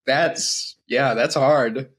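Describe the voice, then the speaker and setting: A man's voice: medium pitch, very slow, a bit bright, slightly rough. A man co-hosting a casual comedy chat, teasing his friend in laid-back banter and laughing a lot. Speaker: podcast co-host.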